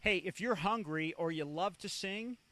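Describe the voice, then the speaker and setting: A man's voice: high-pitched, moderate pace, sharp tone. A man hosting a local show, interviewing a guest in a cafe in an upbeat, promotional way. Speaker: host. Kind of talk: casual interview. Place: inside a cafe.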